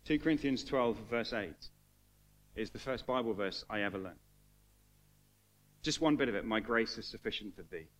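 A man preaching a sermon to a congregation, earnest and emotional, building to fervent emphasis and then falling quiet. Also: fairly low pitch, expressive, moderate pace, pauses often. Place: church hall with congregation.

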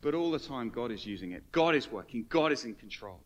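A man preaching a sermon as pastor, animated and swinging between hushed, intimate lines and loud emphatic ones, acting out the voices he quotes. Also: mid-range voice, fairly quick, highs cut off.

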